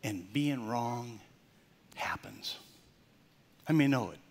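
An older male pastor preaching a Father's Day sermon, swinging from loud, emphatic points to soft, near-whispered storytelling. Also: mid-range voice, lively intonation, slow, a little hiss or hum.

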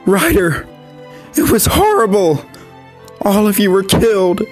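A man voicing a frightened young male pup in a narrated horror story, with a high, strained, tearful voice. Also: very animated, measured pace, soft background music. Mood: panicked sobbing.

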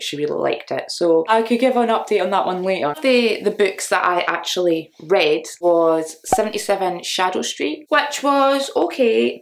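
A woman's voice: medium pitch, gravelly. A young woman vlogging casual book reviews, rambling and gushing, with lots of filler words.

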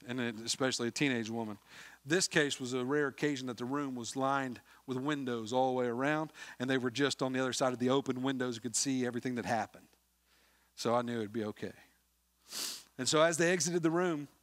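A man preaching a sermon as a pastor, telling a story in an earnest way, dropping to a hush and then rising to loud appeals. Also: medium pitch, dry recording. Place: church sanctuary.

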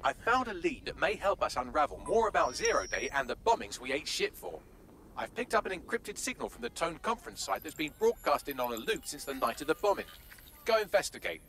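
A wry resistance handler. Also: male voice, a little high, sing-song, a little fast, a bit bright, slight background noise. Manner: dry, wry asides. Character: wry male resistance ally giving missions.

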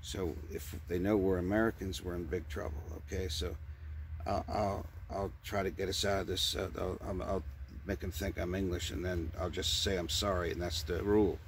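Stammering man with a gravelly voice. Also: low-pitched, flat delivery, moderate pace, slight background noise. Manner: stammering, repeats words, rambling. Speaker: puppeteer comedian. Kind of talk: improvised comic puppet sketch.

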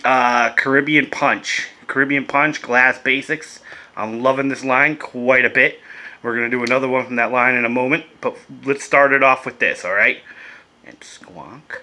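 A man's voice: mid-range voice, fairly even intonation, normal speed, bright, forceful tone. A laid-back man chatting casually and swearing as he reviews vape gear in a vlog, coughing now and then.

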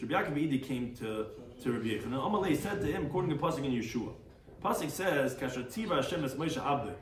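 Animated rabbi, echoey far-off room. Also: male voice, on the high side. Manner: reads Aramaic phrases then explains in English; animated, acts out the quoted sages. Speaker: rabbi teaching Talmud. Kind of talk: daily Talmud class. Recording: echoey room, far from mic, faint noise.

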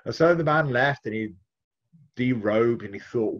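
Man telling folk tales and chatting about his book, kinda husky, muffled sound. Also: medium pitch, unhurried. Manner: lively, expressive storytelling. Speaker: author and storyteller. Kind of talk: folk tale storytelling and interview answers.

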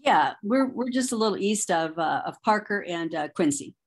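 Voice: mid-range voice, animated, moderate pace, pitched above the performer's own voice. A person playing a chatty woman homeowner on a sales call role-play. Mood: friendly.

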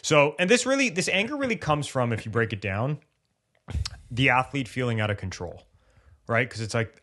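Man, podcast co-host, casual chat, animated, acts out athletes' thoughts, mid-pitched voice. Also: normal speed. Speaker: podcast co-host and injury recovery coach.

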